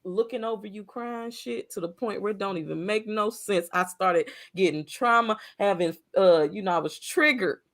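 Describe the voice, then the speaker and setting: A woman's voice: mid-range voice, normal speed, few pauses. A woman co-hosting a casual movie recap, acting out her reactions dramatically. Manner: animated, acts out her own reactions, dramatic. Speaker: podcast co-host.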